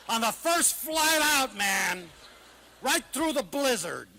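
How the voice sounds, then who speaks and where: A man lecturing with great passion, his voice bright and ringing, riding a high, lively pitch that leaps and drops. He swings from loud, excited exclamations to soft, hushed asides as he tells his stories. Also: a little slow, slight background noise. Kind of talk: passionate public talk.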